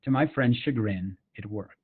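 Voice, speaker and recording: A man's voice: fairly low pitch, moderate pace, breathy edge. A middle-aged man from Utah giving a personal storytelling talk at a summit, earnest and conversational, with fillers and asides to the audience. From Utah, USA. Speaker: summit speaker. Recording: tinny phone-like line.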